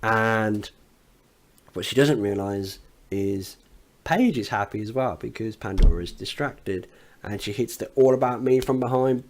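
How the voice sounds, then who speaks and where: A man reviewing a wrestling event as an analyst, recapping the matches with excitement and frequent swearing. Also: fairly low pitch, a little slow.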